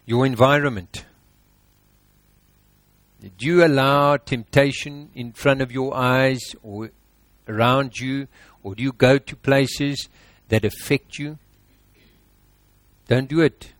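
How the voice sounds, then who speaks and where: Man, preacher, sermon, emphatic exhortation, mid pitch, dry close recording. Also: steady tone, takes it slowly, long pauses, dry recording. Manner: emphatic, exhorting, piling up lists.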